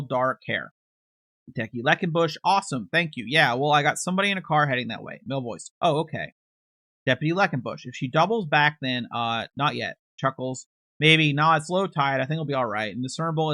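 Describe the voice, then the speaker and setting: A man with a raised, bright voice runs through court transcripts at a quick clip, calling out each speaker's label as he goes. His delivery is matter-of-fact, and the sound is close and dry. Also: on the high side, no echo. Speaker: true crime channel host. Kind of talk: reading court transcripts aloud with commentary.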